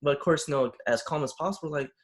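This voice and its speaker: A young man from the Bay Area telling a story in casual conversation, animated, acting out the voices of the people he quotes. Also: a little high, fast. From San Francisco Bay Area. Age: young adult. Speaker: panel guest.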